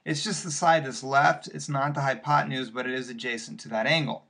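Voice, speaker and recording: A man's voice: mid-range voice, fairly even intonation, a little fast, creaky, pushed and bright. A male math teacher walking patiently through worked examples in a recorded lesson, step by step with occasional fillers.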